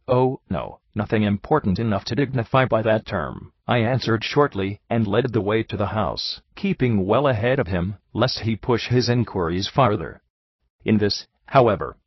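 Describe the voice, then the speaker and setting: A man reading a first-person story aloud as an audiobook, in a measured, deliberate way. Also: on the low side, dry recording, highs cut off. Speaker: audiobook reader.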